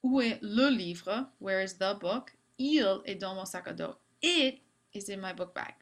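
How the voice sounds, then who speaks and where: A woman's voice: medium pitch, lively intonation, a little slow. A woman teacher giving a video lesson on French grammar, upbeat with playful asides.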